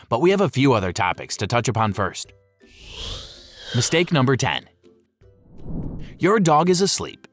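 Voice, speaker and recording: Lively, playful male narrator. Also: medium pitch, no echo. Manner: playful, with jokey asides. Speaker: narrator of a pet-care video. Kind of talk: scripted narration.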